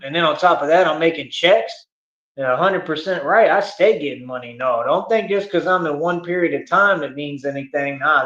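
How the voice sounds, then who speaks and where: A man's voice: on the high side, fairly bright tone. Boastful man ranting on a stream. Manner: boastful, taunting, slangy. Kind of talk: boastful livestream rant. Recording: echoey room, dull lo-fi stream audio.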